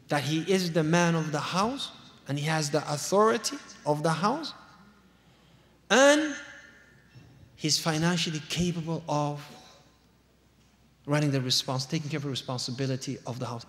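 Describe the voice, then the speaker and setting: Male preacher, high voice, lively and mimicking others, long hall echo. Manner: animated, acts out quoted voices. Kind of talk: sermon. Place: large hall, at a conference. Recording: hall reverb.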